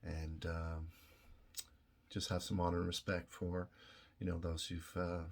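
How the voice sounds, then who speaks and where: A middle-aged man from Canada speaks to his viewers in a low, deep voice. He talks slowly and earnestly, full of pauses, fillers and restarts, and he sounds moved. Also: monotone. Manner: halting, many fillers and restarts, emotional. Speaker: video host. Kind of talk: casual direct-to-camera talk.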